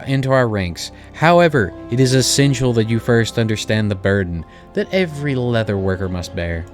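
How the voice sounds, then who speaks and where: A man's voice: mid-range voice, voice pushed up, lightly acted. A man voicing a formal, long-winded male guild receptionist, reading game dialogue aloud in a stately tone over faint game music.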